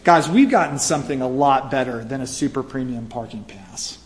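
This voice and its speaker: In a reverberant hall, a man with a medium-pitched voice delivers a conversational sermon at a moderate pace. He tells a story peppered with fillers and "right?" asides.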